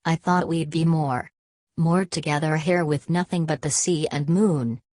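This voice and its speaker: A woman's voice: low voice, fairly even intonation, unhurried, darkish tone, dry recording, clean studio sound. A woman reading the lines of a cheerful, conventional young woman who pleads and insists, in a storybook recording. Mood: pleading.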